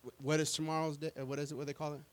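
A middle-aged man preaching a sermon as pastor, talking plainly and conversationally, with stammered restarts and bursts of animated, acted-out quotes. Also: a little high, rapid-fire.

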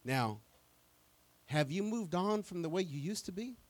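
A man's voice: high voice, a little slow. Plain-talking male pastor, middle-aged. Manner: conversational, plain-spoken preaching with stammered restarts; acts out quoted voices in animated bursts. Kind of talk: sermon.

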